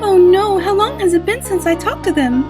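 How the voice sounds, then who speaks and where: Woman doing a gentle goat-monster mother. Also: extremely high pitch, expressive, moderate pace, music in the background, pitched above the performer's own voice. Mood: calling sweetly. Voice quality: formal, soft-spoken, old-fashioned phrasing. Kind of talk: reading game dialogue aloud in a voice.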